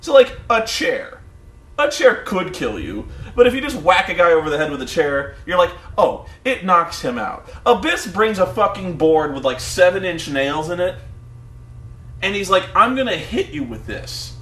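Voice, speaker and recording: A man co-hosting a podcast, telling wrestling stories in casual, profane chat and acting them out with shouted impressions. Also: high-pitched, expressive, normal speed, reverberant. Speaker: podcast co-host.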